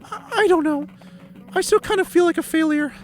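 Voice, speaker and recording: A man voicing an anxious, overachieving female student in a high put-on voice, reading game dialogue aloud. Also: normal speed, faint music behind.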